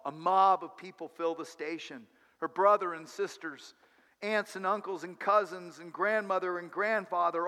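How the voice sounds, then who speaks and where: Man preaching in a reverberant hall. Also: high voice. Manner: dramatic storyteller, swings from hushed to loud. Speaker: pastor. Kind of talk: sermon storytelling.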